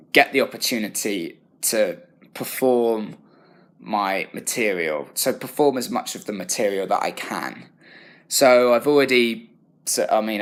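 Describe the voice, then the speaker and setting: A young British man, a drama student, talking through his own feedback in a thoughtful, halting way. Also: fairly low pitch. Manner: thoughtful, self-correcting, halting. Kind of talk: reflective self-assessment talk.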